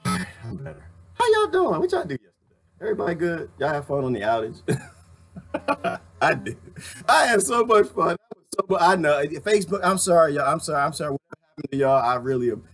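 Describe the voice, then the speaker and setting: A man ranting casually to his viewers, laughing often and swinging between loud and quiet. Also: fairly quick. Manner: animated, laughing, ranting, swings high and low. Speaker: vlogger.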